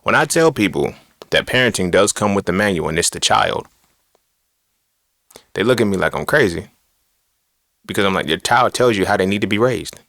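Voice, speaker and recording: A man's voice: lowish voice, expressive, normal speed, gravelly, long pauses, fairly bright tone, no room sound, studio quality. A man hosting a podcast, giving a blunt, profane, preachy monologue full of rhetorical questions. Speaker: podcast host. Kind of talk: casual monologue on philosophy and religion.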